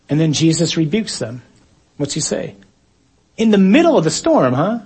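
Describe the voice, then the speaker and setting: A man preacher giving a sermon to his congregation, emphatic and dramatic, sometimes acting out shouted exchanges. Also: fairly high pitch, fairly quick, slightly rough.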